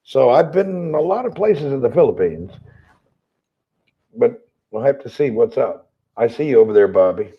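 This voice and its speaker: Southern American man host, slightly hoarse, easygoing livestream chat, mid-range voice. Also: medium pitch, lively intonation, moderate pace, pauses often, lo-fi sound. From Tennessee, USA. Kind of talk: casual live chat reading comments.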